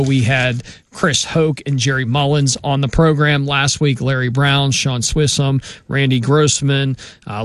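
A man's voice: medium pitch, no room sound. A man hosting a sports radio show, wrapping up steadily with occasional "uh". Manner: steady, announcer-like with filler "uh".

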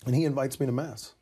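A podcast guest earnestly recounts his conversion story in casual conversation, sprinkling in plenty of "you know" asides. His mid-range voice is mellow and slightly rough.

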